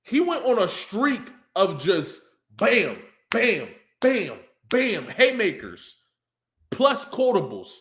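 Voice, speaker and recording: Man, battle rapper, casual reaction commentary, high lively voice. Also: slow pace. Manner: excitable, hypes up lines, breaks into shouts and laughs. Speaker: battle rapper breaking down diss tracks.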